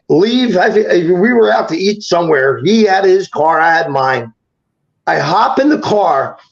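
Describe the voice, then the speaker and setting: A man with a high, gravelly voice tells a personal story in quick bursts, tripping over his words and quoting each person. The audio is dull and lo-fi. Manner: rapid, halting retelling with many restarts and quoted dialogue. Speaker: guest telling a personal story. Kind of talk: emotional storytelling on a talk show.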